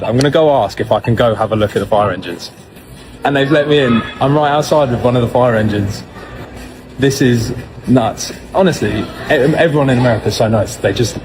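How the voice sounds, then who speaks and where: A man vlogging outdoors at a fire station, excited and amazed. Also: mid-range voice, brisk. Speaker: tourist vlogger. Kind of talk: walking vlog to camera. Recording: clear outdoor ambient noise.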